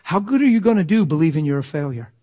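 A man preaching a sermon with passion, swinging from loud exclamations to near-whispers. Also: fairly high pitch, very animated, fast talker, highs cut off.

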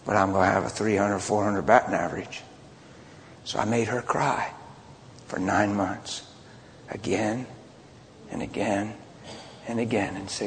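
A man preaching a sermon, mixing loud outbursts with hushed personal confessions as he tells a story. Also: fairly low pitch, fairly even intonation, measured pace, long pauses, a little hiss or hum. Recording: long hall reverb, faint ambience.

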